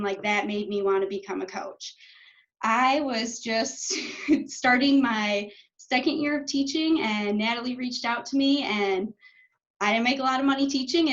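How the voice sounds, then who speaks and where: A chatty young woman in her twenties with a fairly high voice talks with a group over a video call. Her speech is loose and full of "like," and she swears when she gets fired up. The call audio is dull and lo-fi. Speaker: coach. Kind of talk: casual talk on a video call.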